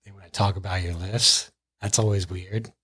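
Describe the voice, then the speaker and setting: Husky-voiced laid-back man. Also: low-pitched, fairly even intonation, moderate pace, sharp tone. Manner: laid-back, short replies, chuckles. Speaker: new podcast guest. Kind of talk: casual chat. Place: studio.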